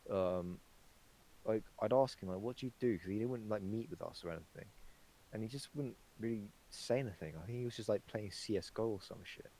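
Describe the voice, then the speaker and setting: A man's voice: on the low side, a little fast, dark tone, a little hiss or hum, rough recording. A young man chatting casually on a podcast, rambling with lots of fillers and swearing. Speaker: podcast co-host. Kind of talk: casual chat.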